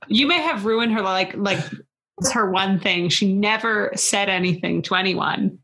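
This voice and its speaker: A woman's voice: medium pitch, a little slow, a bit bright. A woman co-hosting a podcast in casual chat, chatty and imaginative. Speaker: podcast co-host.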